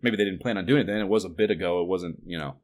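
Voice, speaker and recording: Rambling, swearing podcast host. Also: male voice, sits low, very fast. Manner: rambling, swears often, animated outbursts of disbelief. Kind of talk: casual chat.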